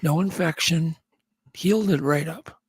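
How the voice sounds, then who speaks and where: A man's voice: on the high side, measured pace, breathy edge, no echo. A man co-hosting a podcast, running through news items in a chatty, rambling way with frequent restarts. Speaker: podcast co-host. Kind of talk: casual chat.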